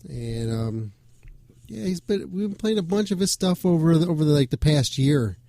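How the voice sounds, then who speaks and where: Male rock show host, rambling casual chat, swears a lot, warm dark voice. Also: on the high side, lively intonation, moderate pace, no room sound, studio quality. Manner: loose, joking, swears freely.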